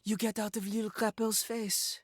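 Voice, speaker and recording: A man's voice: high voice, little pitch movement, unhurried, dry recording, clean studio sound. An actor voicing a cocky male toilet who raps and brags about himself in the third person, in a video game. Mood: boastful. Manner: sing-song rapping, swaggering. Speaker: game character. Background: hip hop beat.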